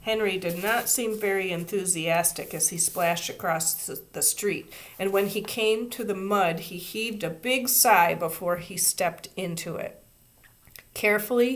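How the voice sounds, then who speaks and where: A woman, a teacher, reading a children's chapter book aloud with expressive, steady storytelling. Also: mid-range voice, unhurried.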